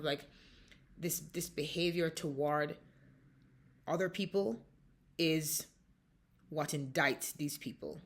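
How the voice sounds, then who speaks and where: An American woman telling an emotional personal account as a mother, impassioned and halting, often restarting her sentences. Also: sits low. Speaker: mother recounting a dispute.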